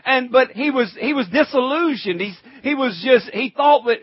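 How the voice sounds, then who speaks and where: A pastor preaching a sermon in a conversational way, calling out to the congregation and reading scripture in old-fashioned wording. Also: male voice, very high voice, animated, normal speed, slightly rough, no echo, muffled recording.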